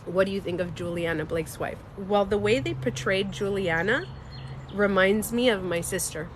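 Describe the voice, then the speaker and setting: A woman talking casually to her live-stream viewers, animated and emphatic, swearing and laughing as she goes. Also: medium pitch, normal speed, background noise. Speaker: beauty coach and vlogger.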